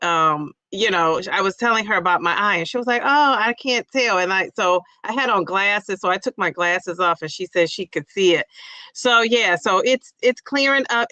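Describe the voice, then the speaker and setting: A woman's voice: mid-range voice, sharp tone, no room sound. A middle-aged woman hosting a casual livestream, greeting viewers by name in a bubbly, playful way and laughing at her own jokes.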